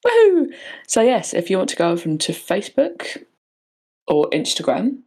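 A woman co-hosting a casual podcast, joking bluntly and swearing freely. Her voice is gravelly and husky, set low for a woman, with lively swings in pitch. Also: normal speed. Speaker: podcast co-host. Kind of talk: casual chat.

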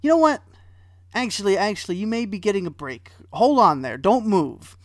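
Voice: medium pitch, sing-song, normal speed, no echo, studio quality, close to an everyday voice. A storyteller voicing an exasperated male god who scolds a traitor with sarcastic indignation. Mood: scheming. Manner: indignant, sarcastic, then scheming.

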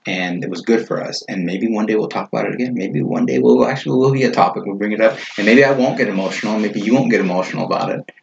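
A man's voice: fairly low pitch, quick pace, gravelly, dull audio, slight background noise. A man in a casual heart-to-heart talk with a friend, earnest and teasing by turns, laughing often.

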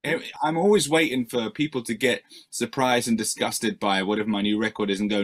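A man's voice: medium pitch, moderate pace. A male musician answering interview questions in a rambling, self-deprecating way, with many fillers and restarts.

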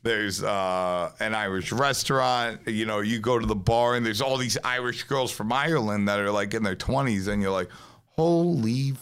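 Brooklyn-style man, low voice, rambling podcast storyteller, loose and profane. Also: moderate pace, few pauses, a bit bright, clean tone. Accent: New York. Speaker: podcast host, pizzeria owner. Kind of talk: casual storytelling chat.

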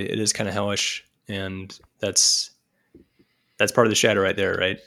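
A man talking as a guest on a podcast in casual conversation, animated and quick to mimic other voices. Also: fairly low pitch, vocal fry.

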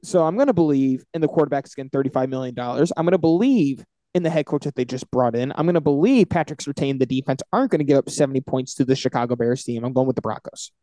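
A man co-hosting a casual sports podcast, animated and confident as he runs through his football picks. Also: mid-range voice, fast, hardly any pauses, dry recording. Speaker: podcast co-host.

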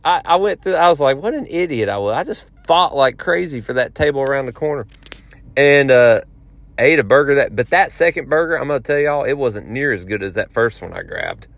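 A man telling a long story in a casual, rambling, animated way. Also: medium pitch, a little fast, creaky, no echo. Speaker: podcast host.

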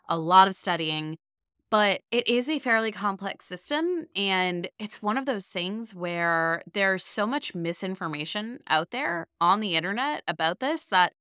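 Nasal-voiced woman in her thirties, bright. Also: lowish voice, clean tone, dry recording, clean studio sound. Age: 30s. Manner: enthusiastic, earnest. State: nasal from a cold. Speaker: podcast host. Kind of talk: casual podcast talk.

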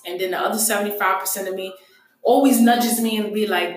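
A woman's voice: medium pitch, steady tone, fairly quick. A young woman hosting a casual solo podcast, talking candidly and profanely with self-mocking humor. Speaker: podcast host. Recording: very echoey room.

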